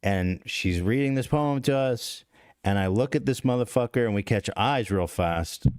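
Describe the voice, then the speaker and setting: This podcast host's mid-range voice is a little mellow, clear and resonant, moving at a moderate pace in a dry studio recording. He tells a story in casual confessional fashion, rambling, swearing, putting himself down and frequently starting over.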